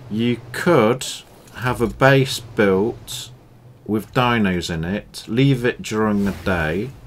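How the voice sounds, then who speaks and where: Calm low-voiced gaming narrator. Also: male voice, slight background noise. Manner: calm, explanatory, matter-of-fact. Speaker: gaming YouTuber. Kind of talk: gameplay commentary.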